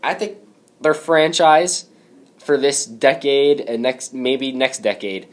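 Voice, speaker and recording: A man's voice: medium pitch, slow pace. A young man co-hosting a casual podcast, teasing with short emphatic quips. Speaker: podcast co-host.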